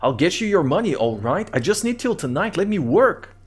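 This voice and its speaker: A man's voice: lively intonation, a little slow, darkish tone, faint music behind. A man voicing a panicky, hysterical man in debt, pleading on the phone in a game. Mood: panicked. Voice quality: panicky, high-strung. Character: hysterical indebted man begging for time.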